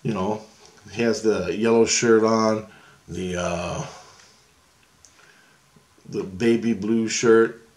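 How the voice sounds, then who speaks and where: A middle-aged man vlogging, telling a long story in a loose, rambling way, swearing freely and laughing often. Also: on the low side.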